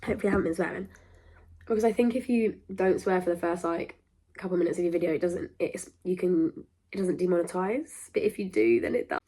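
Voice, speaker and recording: A woman's voice: fairly low pitch, lively intonation, quick pace, mellow, slightly rough. A young woman hosting a podcast, talking in a rambling, emphatic, self-interrupting way. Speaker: podcast host. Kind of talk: casual monologue to camera.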